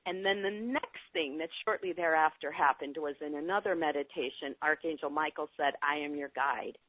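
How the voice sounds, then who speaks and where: A middle-aged woman telling her spiritual story in a casual interview, animated and earnest. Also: moderate pace, no room sound. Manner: animated, earnest storytelling with lively pitch swings. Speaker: spiritual guide guest. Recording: tinny phone-like call audio, dry.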